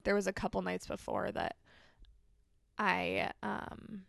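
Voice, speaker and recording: A young woman recounts her own story as an interview guest, speaking in a heavily gravelly, fry-laden voice. Her pitch sits in an ordinary middle range, and the sound is close and dry with no room around it. She is candid and chatty, with lots of casual fillers. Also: steady tone, slow pace, dry recording. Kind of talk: personal testimony in a podcast interview.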